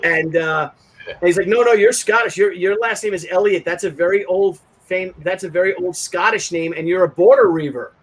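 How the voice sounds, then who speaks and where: High-voiced man telling a rambling story. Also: a little fast, poor audio. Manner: rambling, animated storytelling with frequent restarts. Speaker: show host. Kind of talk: casual chat.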